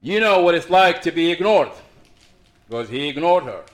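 A middle-aged man preaching a sermon as pastor, swinging between raised emphasis and quiet asides. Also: on the high side, expressive, normal speed.

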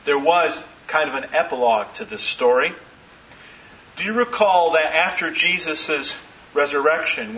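A man's voice: a little high, pushed and bright, distant mic, low-quality recording. A man preaching a sermon, retelling scripture with dramatic, emphatic repetition.

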